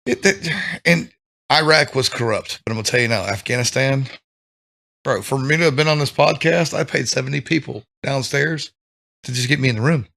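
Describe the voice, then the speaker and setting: Brief: gravelly vet guy, medium pitch, blunt and laid-back, swapping deployment stories. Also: a little fast, sharp tone. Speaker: military veteran. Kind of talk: casual podcast chat.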